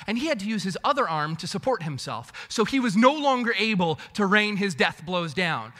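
A male pastor with a high, lively voice delivers a sermon, swinging from loud bursts to hushed asides. His tone is bright and forceful. The long reverb of a large hall hangs on every phrase. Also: fairly quick, hardly any pauses.

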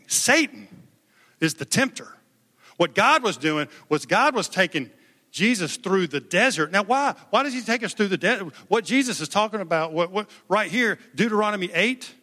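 A man's voice: high-pitched, pushed and bright. A male pastor preaching a sermon in an emphatic, conversational way, calling on the congregation to respond. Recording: long hall reverb.

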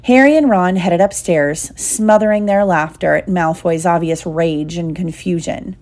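A woman narrating a storybook at an unhurried pace. Her voice sits on the lower side and sounds mellow and warm, with an even, steady delivery. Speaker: audiobook reader.

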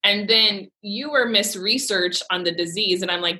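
A woman's voice: medium pitch, moderate pace, few pauses, pushed and bright. A middle-aged woman in casual faith chat, talking emphatically and heartfelt, laughing easily.

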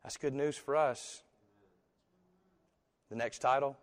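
A man preaching a sermon as pastor, talking in a conversational, animated storytelling way with asides. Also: medium pitch, slow. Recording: echoey hall.

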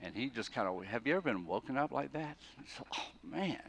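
A man preaching a sermon, telling the story with animated swings between quiet asides and loud, emphatic bursts, often restarting words mid-thought. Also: mid-range voice, fast talker, vocal fry, slight background noise. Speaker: pastor.

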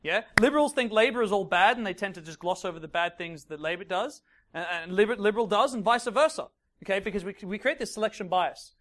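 A man giving a lively seminar talk to a room of listeners. He acts out scenes as he goes and keeps checking in with the crowd. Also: high voice, quick pace. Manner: animated, acts out scenes, frequent checks like "right?" and "okay?". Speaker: dating coach. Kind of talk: live seminar talk to an audience.

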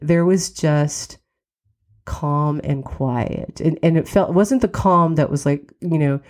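A woman's voice: low-pitched, takes it slowly, darkish tone. A middle-aged woman from West Virginia, candidly telling a personal story on her podcast while getting over a cold. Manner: candid, reflective, wry laughs. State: has a cold, occasional cough. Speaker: podcast host.

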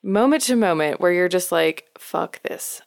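A woman's voice: fairly low pitch, expressive, takes it slowly. A woman in her thirties from New York, a midwife co-hosting a podcast, telling candid stories in casual chat and laughing often. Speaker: co-host, midwife.

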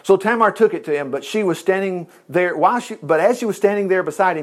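A man reading a Bible story aloud and breaking off into folksy, joking asides, with loud emphatic bursts and low mutters. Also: expressive, quick pace, few pauses. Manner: reads scripture aloud with folksy asides and jokes. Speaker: Bible teacher. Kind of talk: casual Bible study reading and commentary.

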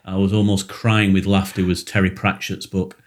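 Low-voiced man, anecdotal host. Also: little pitch movement, normal speed. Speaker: podcast host, business coach. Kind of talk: casual chat over video call. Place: small spare room at home. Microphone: video call.

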